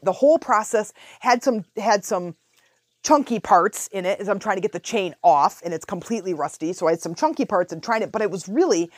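A woman hosting a podcast, telling a personal story in a casual, animated way. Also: mid-range voice, no echo, studio quality. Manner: animated, chatty, retells her own thoughts aloud. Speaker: podcast host.

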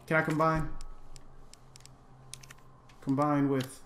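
A man's voice: medium pitch, sing-song, measured pace, long pauses, fairly bright tone, echoey room, slight background noise. A man hosting a let's play, jumpy and easily startled, repeating himself and bantering with viewers. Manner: chatty with an exclamatory, self-deprecating banter. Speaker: gaming channel host.

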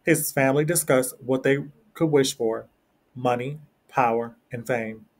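A man narrating a classic story aloud in a steady, plain reading voice. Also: mid-range voice, unhurried. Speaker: story reader.

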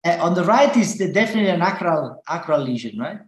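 A man on a panel chatting casually over a video call, giving short, unhurried replies. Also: on the high side, big pitch swings, music in the background. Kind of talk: casual chat. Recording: echoey room with faint noise.

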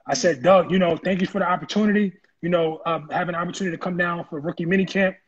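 A man telling his story in an interview, animated and acting out the voices of people he quotes. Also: sits high, very fast, slightly rough, lo-fi sound. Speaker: interview guest, former football player. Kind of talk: casual storytelling.

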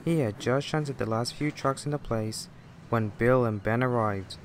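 A man narrating a fan-made train story in a plain, unhurried way. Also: medium pitch, a little hiss or hum.

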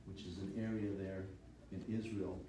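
A man's voice: deep voice, level tone, moderate pace, distant mic, background noise. A man preaching a sermon as a pastor, teaching steadily and reading scripture aloud. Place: church sanctuary. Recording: echoey hall, voice from off-mic.

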